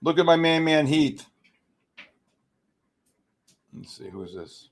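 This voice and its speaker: Middle-aged guy running a trading livestream, bit high voice, loud and excitable, jokey exasperation. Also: slow. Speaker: futures trading host. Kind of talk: live-stream trading commentary.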